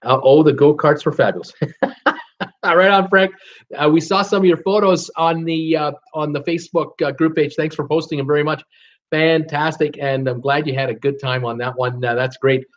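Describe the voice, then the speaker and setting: A man hosts a live stream and reads out viewer comments in a casual, halting way, with plenty of ums and restarts. His voice sits a little high for a man. The audio is dull and lo-fi. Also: fairly even intonation. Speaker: host reading live chat.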